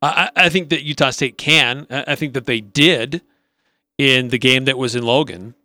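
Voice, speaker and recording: A man's voice: medium pitch, normal speed, bright, forceful tone, no room sound. A man co-hosting a sports talk radio show, upbeat and rattling off team stats with small restarts. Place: radio studio.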